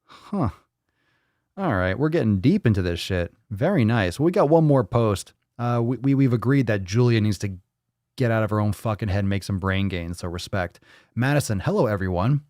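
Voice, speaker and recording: Male live-stream host, low voice, dry close sound, rambling profane banter. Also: animated, a little fast, darkish tone, dry recording. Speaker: fitness livestream host. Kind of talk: casual live-stream chat.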